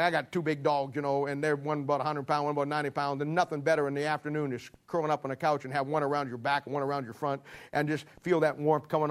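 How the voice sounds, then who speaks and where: A middle-aged man preaching a sermon, acting out a story with lively storytelling. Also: a little high. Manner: animated storytelling, acting out scenes.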